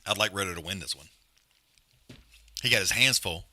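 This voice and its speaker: A man's voice: sits low, normal speed, sharp tone, a little hiss or hum. A man hosting a live fight watch-along, trash-talking fighters in blunt, profane casual chat. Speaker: live stream host.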